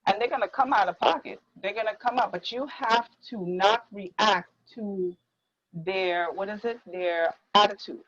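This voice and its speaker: A woman in her thirties hosts a casual discussion, speaking emphatically, circling back over her points and slipping into quoted voices. Her voice sits at a middling pitch, and the sound is slightly muffled. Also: unhurried, a bit bright. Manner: emphatic, repeats herself, acts out quoted speech. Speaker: podcast host.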